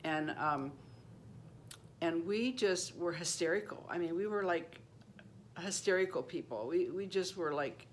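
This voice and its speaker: A woman in her seventies, the channel's host, tells a personal story at a measured pace over slight background noise. She rambles casually, restarting and repeating phrases, and acts out the voices of people she quotes, rising high when imitating a child.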